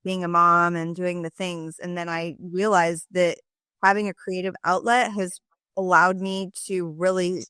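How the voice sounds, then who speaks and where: Female podcast host, middle-aged, smooth voice, eager chatty manner, dry close sound. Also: on the low side, fairly bright tone, no echo. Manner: enthusiastic, chatty, quick asides. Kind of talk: casual interview chat.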